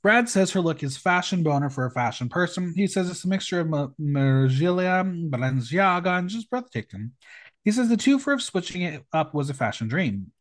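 A man hosts a podcast recap, his voice sitting a little high and leaping all over in pitch. He reads out judges' comments and gives his own verdicts with an emphatic, campy flair. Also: moderate pace. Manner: animated, emphatic, campy delivery. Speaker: podcast host. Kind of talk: casual recap chat, reading judges' comments.

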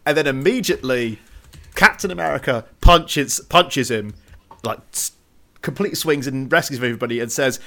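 A man's voice: on the high side, moderate pace, fairly bright tone. A man co-hosting a casual film podcast, talking with eager enthusiasm and frequent restarts. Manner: enthusiastic, gushing, stumbles and restarts. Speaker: podcast co-host.

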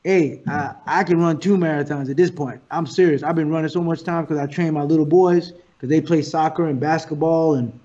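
A man, a guest actor and comedian, talking in a casual interview as an animated, profane storyteller. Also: on the high side, fairly quick, few pauses, dull audio.

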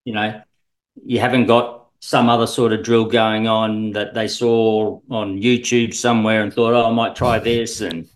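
A man's voice: fairly low pitch, level tone, measured pace, low-quality recording. Rambling swim coach, man. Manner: rambling, many fillers and restarts. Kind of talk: casual podcast chat.

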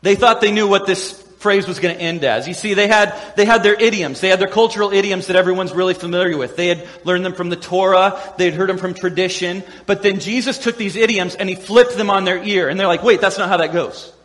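Male pastor, high voice, playful animated sermon delivery, long hall reverb. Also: fast talker, few pauses. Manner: animated, acts out quoted voices with humor.

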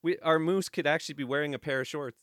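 A man co-hosting a podcast in casual chat, animated, laughing and swearing freely. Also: a little high, quick pace, no echo, clean studio sound. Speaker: podcast co-host.

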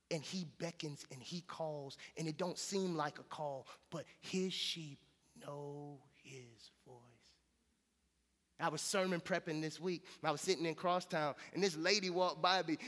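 Male pastor, high-pitched, casual conversational sermon delivery; church hall reverb. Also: fairly bright tone. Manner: conversational, storytelling with casual slang. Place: church sanctuary.

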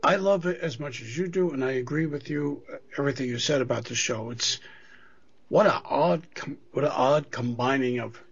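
A man's voice: mid-range voice, brisk, few pauses, a bit bright, husky. A middle-aged man from the US East Coast, co-hosting a podcast in casual chat; he rambles, restarts and swears. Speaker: podcast co-host. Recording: dull lo-fi audio.

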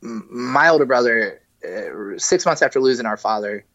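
Halting, emotional man telling his story. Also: medium pitch, expressive, fairly bright tone, no room sound, muffled recording. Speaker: guest, musician. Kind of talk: candid podcast interview. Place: podcast studio.

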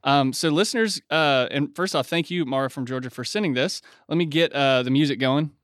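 A man's voice: a little high, brisk, fairly bright tone, no room sound, studio quality. Joking podcast co-host guy. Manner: joking, playful banter. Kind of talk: casual chat.

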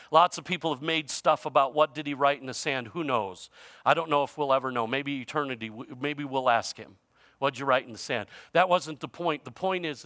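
A male pastor preaching a sermon in a conversational way, using informal grammar, his voice shifting from loud emphasis to quiet. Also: mid-range voice, dry recording, clean studio sound.

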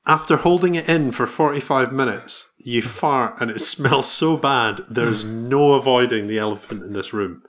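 A man's voice: mid-range voice, normal speed, hardly any pauses, a bit bright. A man co-hosting a podcast, chatting casually and playfully quizzing his co-host with frequent laughs. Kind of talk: casual chat.

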